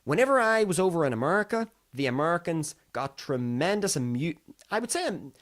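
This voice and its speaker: A young man from Ireland hosts a podcast, talking through the news in casual solo commentary and drifting off topic. His voice is on the high side, very animated, brisk and fairly bright, and he's chatty and digressive, acting out other people's voices.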